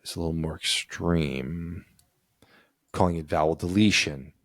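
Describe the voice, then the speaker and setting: A man's voice: extremely low pitch, measured pace, dry recording, studio quality. A man co-hosting a podcast, reading from an article and explaining it in a casual, easy-laughing way; he is from the United States and has kids. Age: adult with children. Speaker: podcast co-host.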